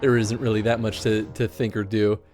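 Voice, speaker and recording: A man's voice: lowish voice, little pitch movement, fairly quick, darkish tone, faint music behind. A man hosting a livestream, chatting casually in a rambling way while playing a game. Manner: rambling, with restarts and laughter. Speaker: livestream host.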